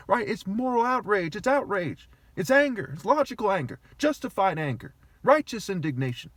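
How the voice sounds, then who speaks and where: A man with a high, husky voice delivers an aggrieved, argumentative monologue to his viewers, peppered with swearing. The sound is close and dry, with no room echo at all. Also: sing-song, normal speed, hardly any pauses, fairly bright tone. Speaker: vlogger. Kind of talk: agitated ranting monologue.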